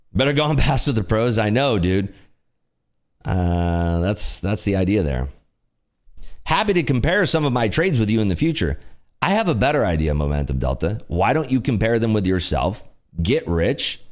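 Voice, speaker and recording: A man hosting a casual livestream, joking and teasing as he reads out the chat. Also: medium pitch. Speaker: livestream host.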